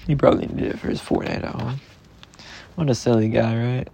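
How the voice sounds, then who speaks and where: A young man talking tenderly and rambling to his girlfriend in a personal podcast, sometimes dropping into soft whispers. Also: medium pitch, moderate pace, vocal fry, breathy edge, lo-fi sound. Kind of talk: intimate personal voice message.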